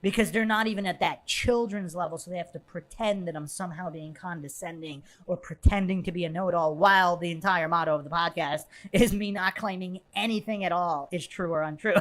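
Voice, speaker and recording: A woman's voice: on the low side, fairly quick. A woman hosting a podcast, laughing often and mocking as she talks through a debate clip and reads chat comments aloud. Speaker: podcast host. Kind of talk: casual live-stream commentary.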